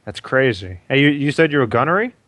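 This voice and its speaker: A man's voice: medium pitch, very animated, fast, a bit bright, no echo. A man playing a character in a tabletop game, talking casually and hesitantly. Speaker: player.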